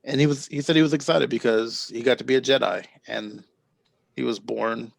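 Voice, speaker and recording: Male podcast host, casual storyteller, gravelly and dry. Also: mid-range voice, fairly even intonation, no room sound. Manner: rambling storyteller, quick to laugh.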